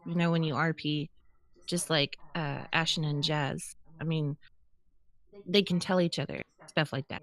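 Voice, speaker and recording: Brief: woman with a very low voice, relaxed podcast co-host. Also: unhurried. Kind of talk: casual podcast chat.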